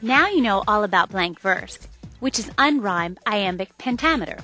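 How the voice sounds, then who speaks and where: A woman's voice: medium pitch, animated, normal speed, pushed and bright, soft background music. A woman giving scripted educational narration, playfully stressing syllables to show rhythm.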